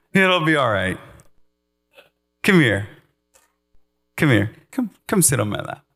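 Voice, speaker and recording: A man preaches a sermon in an earnest, animated way and breaks into playful asides. His voice sits in the middle range. A faint electrical hum runs under it. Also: mid-range voice.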